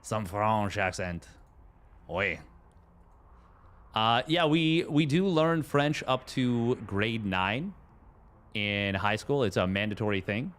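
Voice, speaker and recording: Relaxed Canadian man casting a tournament. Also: fairly low pitch, slow pace, pauses often. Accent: Canadian English. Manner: relaxed, chatty, answers viewers aloud. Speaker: tournament caster. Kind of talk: casual live commentary and chat reading.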